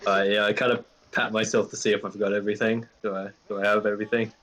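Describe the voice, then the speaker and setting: A man playing a tabletop role-playing game, describing his character's actions in a gruff, swearing manner. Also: lowish voice, little pitch movement, fast, a bit bright. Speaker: player. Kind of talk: casual tabletop role-play.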